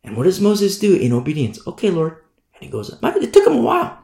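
A man preaching a sermon in an emphatic, indignant manner, often pausing to ask "you see?". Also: high voice, wildly swooping pitch, gravelly, warm tone, roomy sound.

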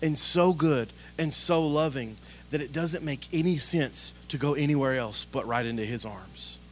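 Lively preaching man, faint hum. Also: on the high side, moderate pace. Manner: lively, conversational preaching with humor and direct questions to the congregation. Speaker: pastor. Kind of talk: sermon.

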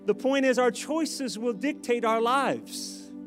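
A man preaching a sermon as pastor, joking in asides and building to loud, emphatic exhortations. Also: extremely high pitch, takes it slowly, music in the background.

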